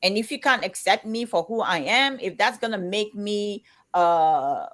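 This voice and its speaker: A woman in her fifties who talks loudly and emphatically, as if shouting, chatting on a live show. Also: medium pitch, animated, unhurried. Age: 50s. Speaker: co-host of a live chat show. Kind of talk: casual chat.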